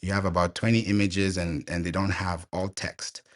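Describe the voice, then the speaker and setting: Man, deep low voice, eager guest expert, live online audio chat. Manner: energetic, fast, excitable explaining.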